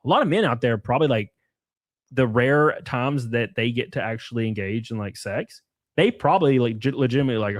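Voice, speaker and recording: A man's voice: medium pitch, lively intonation, fairly quick, no room sound. A man streaming live, reading chat and rambling through loose, crude takes with frequent laughs. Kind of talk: casual livestream chat.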